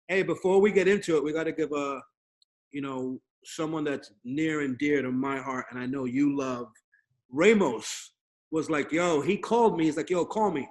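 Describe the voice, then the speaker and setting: A man hosting a remote podcast interview, telling lively stories and acting out other people's lines. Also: a little high, moderate pace. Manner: animated storyteller, acts out quoted voices. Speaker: podcast host. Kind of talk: casual remote interview chat. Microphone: video call.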